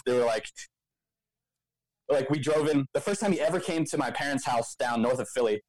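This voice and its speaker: A man's voice: mid-range voice, a little fast, a loud crowd, rough recording. A young man from the Philadelphia area telling a long story in casual podcast chat, full of "like" and "um". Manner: rambling storyteller, lots of "like" and "um". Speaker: co-founder of a local news outlet, co-host.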